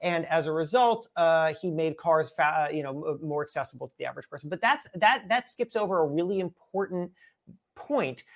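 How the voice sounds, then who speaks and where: Animated man telling a story. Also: fairly high pitch, vocal fry. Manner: energetic, many restarts and repeated words, laughs. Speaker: podcast guest, author. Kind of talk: casual storytelling chat.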